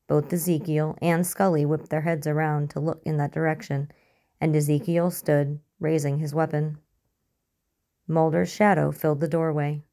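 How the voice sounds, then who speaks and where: A woman narrating a story in an even, measured reading style. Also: deep voice. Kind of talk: audiobook reading of fiction.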